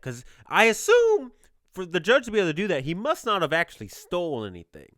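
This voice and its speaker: Lively, jokey young man hosting a podcast. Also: sits high, brisk, no room sound, studio quality. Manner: rambling and jokey, laughs often. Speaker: podcast host. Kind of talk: casual podcast monologue.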